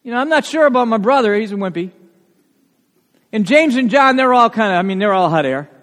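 Animated preacher with high, lively voice. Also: male voice, fairly quick. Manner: animated, emphatic, with asides to the congregation. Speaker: pastor. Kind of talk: sermon. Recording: long reverb of a large hall.

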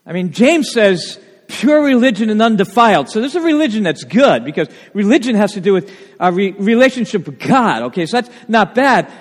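High-voiced animated pastor in a reverberant hall. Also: male voice, brisk. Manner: animated, asks many rhetorical questions. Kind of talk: sermon. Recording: long reverb of a church hall.

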